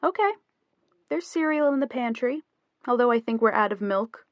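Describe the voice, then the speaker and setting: Woman voicing a quick-witted young wife. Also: fairly high pitch, lively intonation, no room sound, dull audio, voice pushed up, close to an everyday voice. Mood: bantering. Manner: playful bargaining banter.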